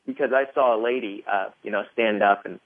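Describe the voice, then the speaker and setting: A man's voice: lowish voice, fairly quick, a crowd in the background. Man telling his story over a phone line. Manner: rambling, lots of fillers, animated retelling. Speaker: podcast guest. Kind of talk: casual interview storytelling.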